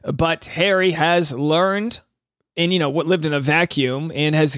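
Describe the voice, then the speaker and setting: A man with a fairly high voice hosts a commentary podcast, and he is animated and sarcastic, full of rambling asides. His voice sounds dry and close to the mic, with no room sound at all. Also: no room sound. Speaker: podcast host.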